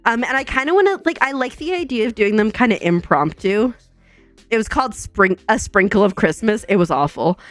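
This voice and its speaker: A young woman streaming from home, chatting casually with viewers, bubbly and chatty, full of "like" and quick laughs. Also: mid-range voice, no room sound. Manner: says "like" a lot. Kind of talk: casual chat with chat readers. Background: soft background music.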